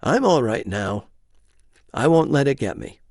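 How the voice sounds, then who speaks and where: A harried man on the edge of cracking in a read-aloud story, voiced by the male narrator. His voice is gravelly and swings widely, tense and strained. It is recorded close and dry. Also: mid-range voice, big pitch swings, a little slow, a little mellow, no echo. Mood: shaken.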